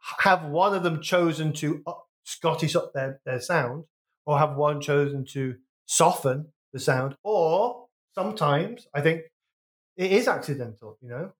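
A man from the West Midlands of England chats on a podcast, thinking aloud and revising his words mid-sentence. His voice sits somewhat high for a man. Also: measured pace. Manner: musing, self-correcting. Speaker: podcast co-host. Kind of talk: casual chat.

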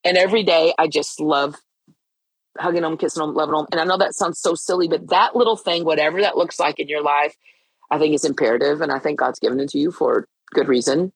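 Talking fast in a low, husky voice with a steady tone, a middle-aged woman speaks earnestly on her own faith podcast. She sounds like she's been crying and keeps restarting. The recording is dry and rough.

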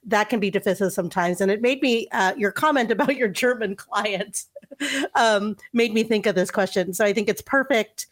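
A woman's voice: mid-range voice, moderate pace. A woman co-hosting a live show, playful, reading out audience comments. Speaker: co-host.

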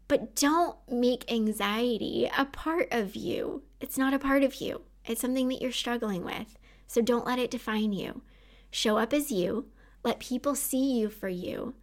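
A woman in her thirties hosting her own podcast, talking earnestly and encouragingly to listeners about self-kindness. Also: a little high. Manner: earnest and encouraging, warm laughs. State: tearful at times. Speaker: podcast host and anxiety coach. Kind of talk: heartfelt solo podcast talk.

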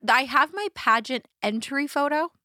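A woman's voice: high voice, moderate pace, dry recording, clean studio sound. A young adult woman co-hosting a podcast, chatting casually and telling a story with lots of acted-out quotes. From Southern California. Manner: animated storyteller, acts out quotes. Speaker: podcast co-host. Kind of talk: casual chat.

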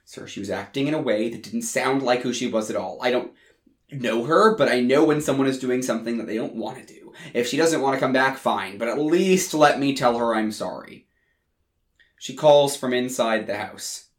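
A man's voice: medium pitch, animated, normal speed. A man narrating a first-person story in a crude, emphatic way. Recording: roomy echo.

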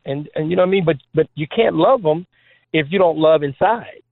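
A man who is a former trick basketball player, guest on an interview show, telling stories in an animated, joking way with many fillers. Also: a little high, brisk, vocal fry, dry recording. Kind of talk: storytelling interview talk. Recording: phone-like dry line.

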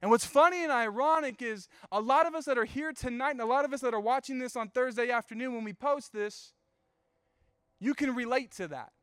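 A young man preaching to a youth group, telling a personal story in a chatty, animated way with asides to the room. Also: very high-pitched, brisk, clear, resonant tone, no echo, clean studio sound. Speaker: youth pastor. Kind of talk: storytelling sermon.

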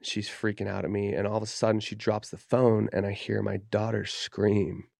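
A man with a low, gravelly voice that has a lot of fry in it, telling a story from his own life with blunt, profane candor. He keeps dropping in fillers like "dude" and "you know," and the sound is close and dry with no room echo. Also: level tone, moderate pace, a little mellow. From Utah, USA. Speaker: podcast guest. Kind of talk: casual storytelling. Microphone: podcast studio mic.

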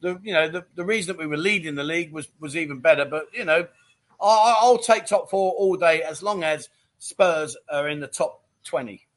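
A man's voice: a little high, normal speed. Chatty man hosting a livestream. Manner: chatty and jokey, with frequent "mate" and "um". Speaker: livestream chat show host. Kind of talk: casual chat reading viewer comments.

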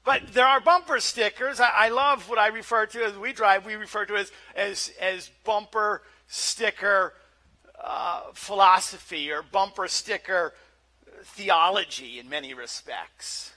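Man preaching a sermon, high voice, very bright tone, casual and conversational, stumbles over starts of phrases. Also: unhurried. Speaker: pastor.

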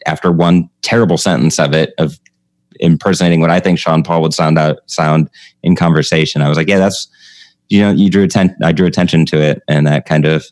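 A man with a very deep voice talks loosely about writing jokes and performing on stage. He laughs often and gets animated when he tells a story. The sound is dry and close. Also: brisk, no echo. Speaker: comedian and podcast host. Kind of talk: casual chat about comedy craft.

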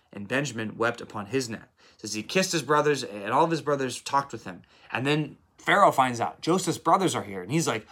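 A man giving a casual Bible devotional, retelling scripture in a lively paraphrase with acted quotes. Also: mid-range voice. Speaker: Bible teacher.

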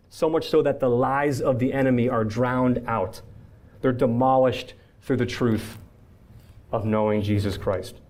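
A man preaching a Sunday sermon in a church. His voice sits at an ordinary middle pitch, and his delivery is earnest, building momentum through repeated phrases. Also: a little mellow. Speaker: pastor.

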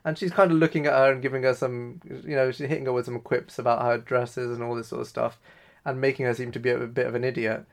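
A man's voice: medium pitch, level tone, fast talker, gravelly. A man co-hosting a talk show, casually retelling scenes and quoting dialogue loosely. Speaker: podcast co-host. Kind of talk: casual recap discussion.

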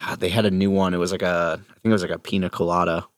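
A man's voice: sits low, level tone, racing, no echo, clean studio sound. A man, co-hosting a podcast in easygoing casual chat. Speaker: podcast co-host.

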